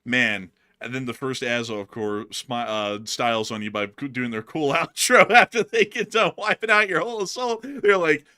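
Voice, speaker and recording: A man's voice: medium pitch, moderate pace, few pauses. A man co-hosting a casual news commentary stream, joking over war video clips and slipping into silly voices. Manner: animated, jokey, bursts into silly voices and laughs.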